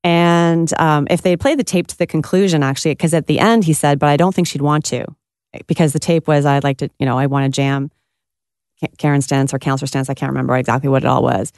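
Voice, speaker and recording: A woman's voice: low-pitched, fairly even intonation, fast, a little mellow, no echo, clean studio sound. A woman giving candid, reflective answers in an interview, thinking aloud as she goes. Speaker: interviewed politician.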